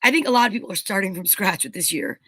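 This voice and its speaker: A woman co-hosting a casual sports talk show, gossipy and hesitant, filling pauses with "like". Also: mid-range voice, lively intonation, sharp tone, slightly rough, dry recording. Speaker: co-host. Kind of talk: casual chat.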